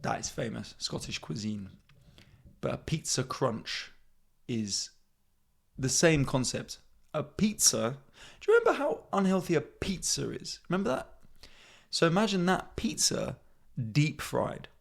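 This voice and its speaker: A man's voice: on the high side, big pitch swings, measured pace, gravelly, pauses often. A man in his thirties hosting a comedy podcast, rambling in a self-mocking way and swearing freely. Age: 30s. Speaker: podcast host. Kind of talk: casual comedic monologue.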